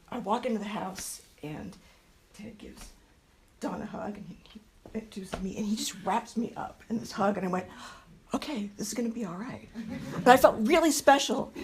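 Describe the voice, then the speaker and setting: A woman shares playful, loving anecdotes at a memorial and breaks into laughter often. Her voice sits a little high. The recording has a clear noise bed under it. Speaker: speaker at a memorial. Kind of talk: humorous anecdote telling. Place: memorial gathering room.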